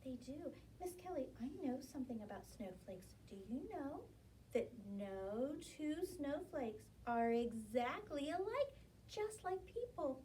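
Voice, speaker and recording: A woman librarian reading a picture book aloud at children's story time, gentle and expressive. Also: high voice, measured pace, recorded from a distance, slight background noise.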